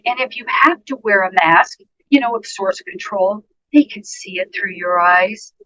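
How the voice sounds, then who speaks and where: A woman's voice: mid-range voice, moderate pace, pushed and bright, dull audio. A woman nurse, a guest on a podcast interview, giving earnest, emphatic advice and speaking directly to listeners. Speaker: guest nurse and dementia care educator.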